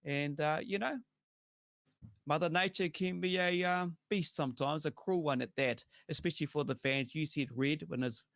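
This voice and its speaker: A man with a New Zealand accent hosting a casual talk show, relaxed and chatty, with lots of "uh" and "you know". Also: on the high side, normal speed, gravelly, no echo, clean studio sound. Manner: chatty, relaxed, thanks viewers by name, heavy on fillers. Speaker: show host. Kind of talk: casual podcast chat.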